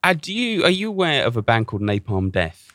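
A man's voice: mid-range voice, sing-song, a little fast, bright, forceful tone, dry recording, clean studio sound. A man hosting a casual chat, telling a story animatedly with lots of restarts.

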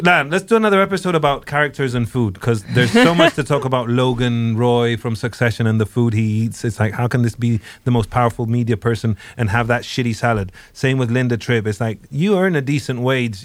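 A man's voice: medium pitch, quick pace, hardly any pauses, dry recording. Guy on a podcast rambling about tv, dry close mic, lots of uh and restarts. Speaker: podcast co-host. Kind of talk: casual chat reviewing a TV series.

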